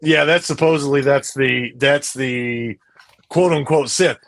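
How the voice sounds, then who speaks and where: With a mid-range, slightly bright voice and a measured pace, a man co-hosts a podcast. The chat is casual, and he tends to ramble and repeat himself.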